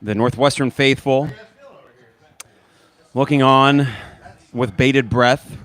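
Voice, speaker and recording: A man's voice: mid-range voice, slow pace. A man hosting a podcast, giving casual live play-by-play of a basketball game while suffering through hot sauces. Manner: animated, pained and laughing from hot sauce. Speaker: podcast host.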